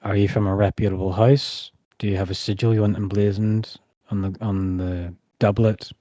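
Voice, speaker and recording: A fussy, aloof tailor, voiced by a man sizes up his clients with formal, measured questions. The voice is low and mellow, and it is often unhurried. It sounds close and dry. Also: level tone, no echo, close to an everyday voice.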